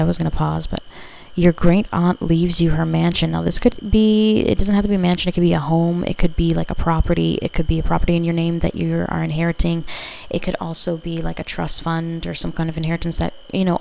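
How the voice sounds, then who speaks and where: A woman with a low, gravelly voice gives a casual pick-a-card tarot reading. She talks in a flat, even tone and rambles from one intuition to the next, full of filler words. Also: fast. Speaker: tarot reader.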